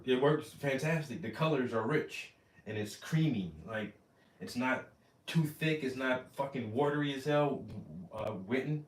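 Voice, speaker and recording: Male painter host, loose animated storyteller with profanity; recorded in a room with some reverb, mic at a distance. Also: medium pitch, measured pace. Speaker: oil painter hosting a livestream. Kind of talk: casual chat while painting.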